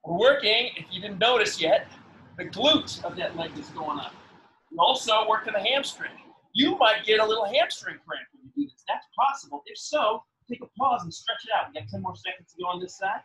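Male fitness instructor, high bright voice, upbeat encouraging cues, counting down reps. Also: animated, a little fast. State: slightly out of breath while exercising. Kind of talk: live workout coaching.

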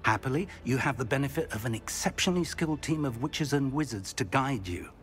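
An actor playing a kindly male wizard mentor, measured and reassuring. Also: mid-range voice, expressive, lightly acted.

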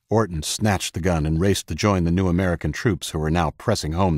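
Deep-voiced male audiobook narrator. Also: no echo, studio quality. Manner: steady, measured reading of action scenes. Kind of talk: scripted narration.

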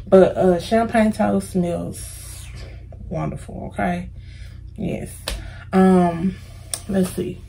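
A woman's voice: mid-range voice, gravelly, a little mellow, slightly rough, rough recording. A woman with an American accent answering viewer questions in a casual, chatty, playful vlog. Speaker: vlogger.

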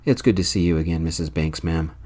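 A man playing a responsible young older brother in a soft-spoken whispered role-play, firm and earnest. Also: a bass voice, quick pace.

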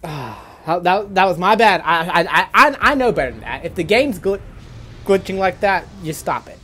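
A man giving casual gameplay commentary, excitable and quick to swear, stammering and restarting when worked up. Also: high voice, a little hiss or hum. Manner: excitable, swings from gleeful to furious ranting. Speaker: gaming YouTuber.

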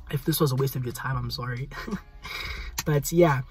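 In a hot indoor space, a young South African vlogger chats unhurriedly to his selfie camera in a medium-pitched voice with vocal fry. Soft background music accompanies his rambling, talkative style and repeated pleas.

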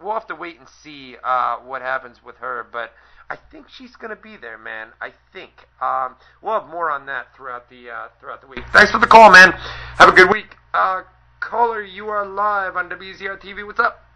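A man's voice: sits high, normal speed, highs cut off. A man hosting a call-in radio show, talking casually and energetically to callers. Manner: energetic, loud when plugging the line.

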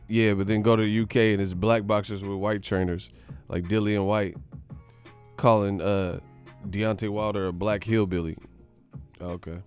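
Male streamer, lowish voice, loose profane banter with viewers, light music bed. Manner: loose, profane, joking with chat. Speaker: live stream host. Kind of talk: casual live stream chat.

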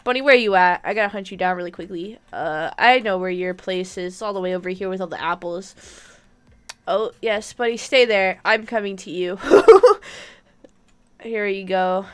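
A young woman streaming a game live, bubbly and giggly, chatting excitedly with her viewers. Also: mid-range voice, fairly quick, clean tone. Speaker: gaming streamer. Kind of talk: live-stream gameplay chat.

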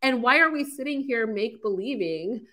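A woman from San Francisco hosting a call-in show, talking in an animated, frank and emphatic way. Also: on the high side, moderate pace. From San Francisco, USA. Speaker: host. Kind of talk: casual call-in show chat.

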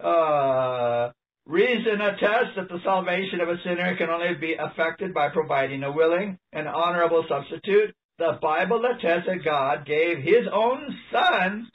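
A man preaching an animated, emphatic sermon, reading passages aloud and laughing often. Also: a little high, normal speed. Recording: distant mic, dull lo-fi sound.

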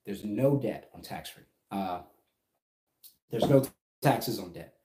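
A man's voice: on the low side, expressive, slow, warm tone, a little hiss or hum. A middle-aged man giving an emphatic, casual business lesson on a livestream, often checking in with "right?". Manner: emphatic, keeps asking "right?". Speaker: business coach. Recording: echoey room.

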